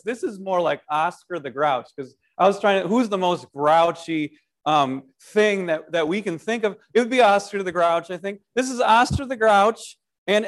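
A preacher with a high voice delivers a short devotional sermon in an animated, conversational style. He often restarts his sentences and poses rhetorical questions to the listener.

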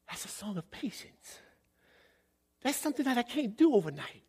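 A man with a high voice preaches as a guest speaker, drawing out his phrases slowly. He slips between sung lines and fervent prayer. His delivery swings from loud cries to a soft murmur. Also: big pitch swings, slightly rough. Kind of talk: sermon with sung passages.

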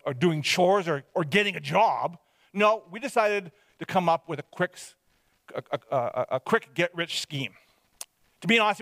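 A man shares a testimony from his own life, rambling and poking fun at himself as he goes. His voice sits a touch high for a man and trips over its restarts. The recording is dry and close, with no room sound. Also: a bit bright, dry recording. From Hope, British Columbia, Canada. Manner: self-deprecating, rambling storyteller with frequent restarts. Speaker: speaker giving a testimony. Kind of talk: personal testimony storytelling.

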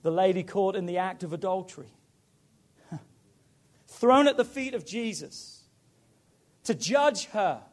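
Pastor, male, high-pitched voice, emphatic sermon delivery. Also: measured pace, pauses often. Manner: emphatic, building to loud preaching.

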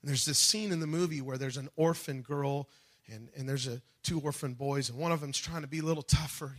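A man preaching a sermon with passion, swinging between loud, rising peaks and soft, low drops, acting out quoted voices along the way. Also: brisk. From United States. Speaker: pastor.

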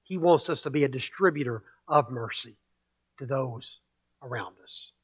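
A man's voice: medium pitch, moderate pace, husky. A male pastor preaching a sermon, emphatic, repeating key phrases and building with rhetorical questions.

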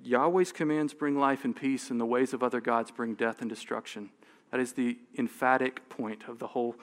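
A man preaching a sermon in a conversational way, often restarting words and laughing lightly. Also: mid-range voice. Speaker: pastor. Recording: long hall reverb.

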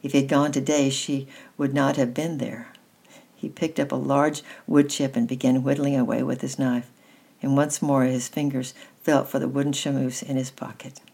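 Very low, husky woman reading a story. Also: normal speed. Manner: steady, gentle storytelling. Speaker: reader. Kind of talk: reading a children's novel aloud.

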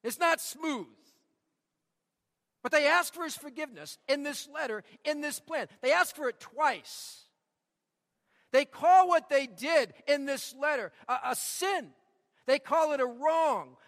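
Male pastor, high bright voice, emphatic repetition, church hall reverb. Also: measured pace. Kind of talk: sermon.

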